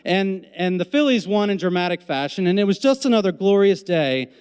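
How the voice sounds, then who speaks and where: A man telling a comic personal story on stage as an event MC, with deadpan asides and acted-out quotes. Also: high voice, brisk, smooth. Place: stage in a hall before a live audience. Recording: live hall with long reverb.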